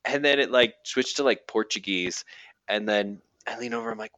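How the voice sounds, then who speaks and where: A man's voice: lowish voice, moderate pace, bright, forceful tone, dry recording, poor audio. A man casually retelling a funny story between friends, laughing often and acting out the people he quotes.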